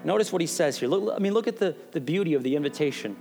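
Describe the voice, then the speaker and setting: A man's voice: a little high, expressive, very fast, a little mellow. A male pastor delivering an impassioned sermon with emphatic repetitions, in a church sanctuary. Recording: long hall reverb, faint music behind.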